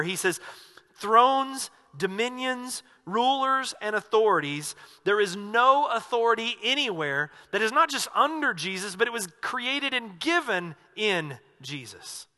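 Bright-voiced man preaching in a reverberant hall. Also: high-pitched. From American South. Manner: conversational, jokey storytelling. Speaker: pastor. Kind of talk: sermon.

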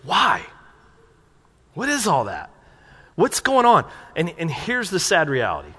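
A pastor preaching to his congregation in a loose, conversational way, tossing them questions. His voice sits high and sounds bright and forceful. It rings out with the long reverb of a church hall. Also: wildly swooping pitch, a little slow, slightly rough. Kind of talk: sermon. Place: church sanctuary.

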